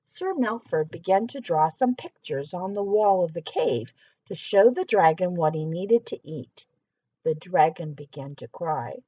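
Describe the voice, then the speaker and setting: A woman reading a children's story aloud, animated, pausing to ask the young listener questions. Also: lowish voice, dry recording, highs cut off.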